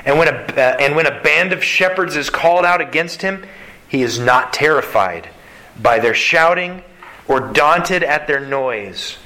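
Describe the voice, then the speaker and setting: A man preaching a sermon as pastor, earnest and animated, with quick asides between scripture readings. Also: on the high side, poor audio.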